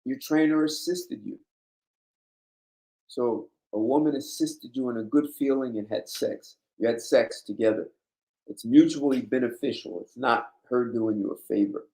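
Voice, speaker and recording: A man's voice: mid-range voice, moderate pace, warm tone. A man hosting a blunt, emphatic monologue in a casual, lecturing way. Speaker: host. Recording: roomy echo.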